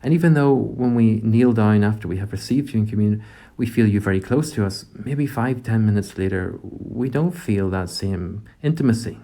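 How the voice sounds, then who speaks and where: A man leading a gentle, reflective prayer meditation, speaking directly to God. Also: fairly low pitch, moderate pace, vocal fry, hardly any pauses.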